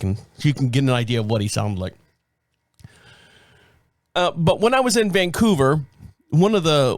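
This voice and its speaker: A man's voice: mid-range voice, no room sound, studio quality. A middle-aged man hosting a show, telling rambling stories in casual chat, laughing often and acting out quotes. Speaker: show host.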